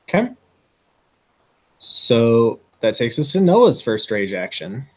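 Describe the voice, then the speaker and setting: Lively game master man. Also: mid-range voice, slow pace. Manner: loose, swearing, bends the rules. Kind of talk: running a tabletop game.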